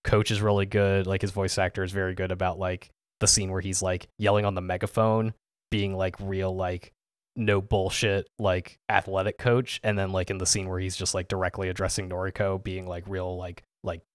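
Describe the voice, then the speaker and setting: A man's voice: low voice, level tone, moderate pace, clear, resonant tone, no room sound, clean studio sound. A man co-hosting a podcast in casual chat, rambling with lots of "like" and "um". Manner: rambling, full of "like" and "um". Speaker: podcast co-host.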